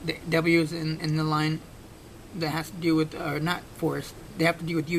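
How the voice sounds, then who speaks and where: Completely flat and a little fast, a man making puzzle-solving videos reasons his way through a puzzle with lots of fillers and restarts. This casual on-screen analysis comes through a low-quality recording with faint rumbling noise.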